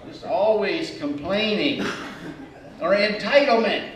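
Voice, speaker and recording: A male pastor preaching a sermon, animated and humorous, acting out the attitudes he describes. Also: high voice, normal speed, slight background noise. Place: church sanctuary. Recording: echoey church hall from far off.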